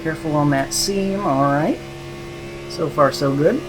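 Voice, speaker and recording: A man giving casual live commentary while sim racing from home, thinking aloud, a little out of breath, laughing softly at himself. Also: a little high, unhurried, background noise. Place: room at home.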